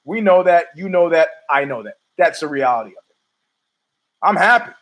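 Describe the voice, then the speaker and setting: A man's voice: on the high side, lively intonation, normal speed, a bit bright, poor audio. A middle-aged man hosting a podcast, rambling through a profane, opinionated monologue full of restarts. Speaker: podcast host.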